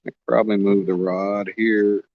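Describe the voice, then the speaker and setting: On a lake bank outdoors, a man from Oklahoma chats casually during a fishing livestream, reading comments and joking with viewers. His voice is fairly low and flat, at a moderate pace, with no echo and a lo-fi sound.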